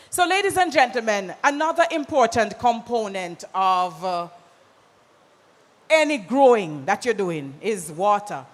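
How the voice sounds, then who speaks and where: Jamaican MC booming through a hall. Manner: loud, commanding crowd directions, mixing patois. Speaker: event MC. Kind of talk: live event hosting. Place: large conference hall. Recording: hall reverb with music behind.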